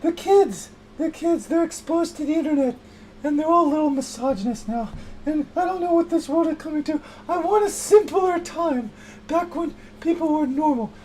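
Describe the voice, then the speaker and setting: A man voicing a fretful grown-up who complains about the modern world in a shrill, whiny voice, in an improvised comedy scene. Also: moderate pace, darkish tone, rough recording. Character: fretful grown-up longing for simpler times.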